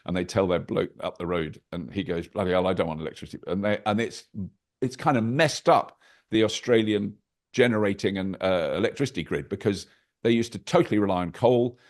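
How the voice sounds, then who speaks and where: Older man, deep-set voice, chatty and wry, telling stories on a video call. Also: normal speed. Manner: animated, anecdotal, with wry asides. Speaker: podcast guest. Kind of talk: casual interview chat.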